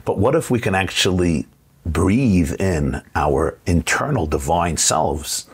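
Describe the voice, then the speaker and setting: A man's voice: sits low, breathy edge. A middle-aged man with a New York accent, a rabbi telling stories in a TV interview, acting out the voices of the people he quotes. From United States. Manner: animated storyteller, acts out quoted voices, quick bursts then slow. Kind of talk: storytelling in a TV interview.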